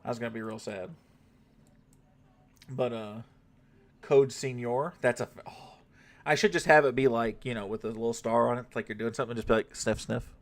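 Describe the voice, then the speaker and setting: A man's voice: mid-range voice, brisk, pauses often. A young man streaming a mobile game, chatting casually with viewers and swearing now and then. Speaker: gaming livestreamer. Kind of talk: casual live-stream chat.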